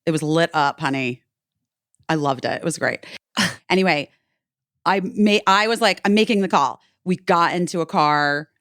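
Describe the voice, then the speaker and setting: Chatty woman host, low voice. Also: normal speed, long pauses, fairly bright tone, clean tone, no room sound, clean studio sound. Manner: chatty, heavy on "like", swears freely. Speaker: podcast host. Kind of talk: casual storytelling chat.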